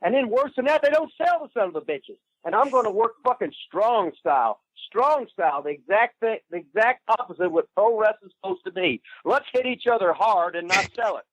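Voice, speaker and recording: A man's voice: high voice, sing-song, fairly quick, hardly any pauses, dry recording. A man ranting in a casual chat, swearing constantly and rambling crudely, heard over a muffled phone line. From Indiana. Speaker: guest.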